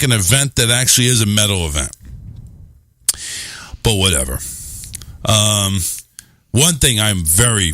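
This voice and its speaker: A man's voice: lowish voice, a bit bright, no room sound. A man hosting a radio show, chatting casually and joking around, sometimes slipping into silly voices.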